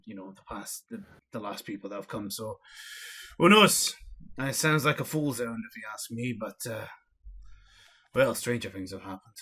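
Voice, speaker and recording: A worldly tavern keeper, played by a man rambles along in a wry, doubtful tone. His voice is bright and forward, and he often trails off with uhs. He sounds like a barman who has heard every treasure-hunting tale before. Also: mid-range voice. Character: weary male tavern keeper, wry and skeptical.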